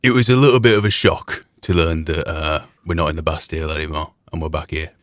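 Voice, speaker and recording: A man talking in character, gruff and blunt with a lot of swearing. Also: rumbling low, fairly even intonation, fast, fairly bright tone, dry recording, clean studio sound. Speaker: roleplayer speaking in character. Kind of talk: in-character roleplay chat.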